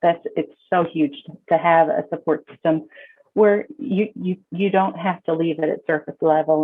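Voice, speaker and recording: A low-pitched woman's voice with fairly even intonation comes through tinny, phone-like audio at a moderate pace. She's a counselor on a podcast, offering casual advice in an emphatic way and repeating her words when starting thoughts.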